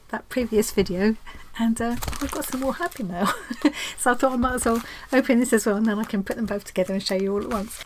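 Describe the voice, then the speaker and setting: A woman hosting a craft channel, chatting casually and excitedly as she opens mail in her craft room. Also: a little high, a little hiss or hum. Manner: chatty and excitable, gasping and laughing often. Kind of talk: casual chat while unboxing mail.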